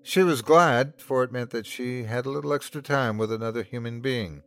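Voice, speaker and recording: A man hosting and narrating a scripted horror story in a measured, dramatic way. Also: medium pitch, fairly bright tone, a little hiss or hum. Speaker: host and narrator.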